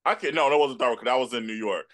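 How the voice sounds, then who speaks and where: A man, an actor and producer, telling stories as a guest in a casual chat. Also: medium pitch. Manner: relaxed, unhurried storyteller. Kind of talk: casual conversation.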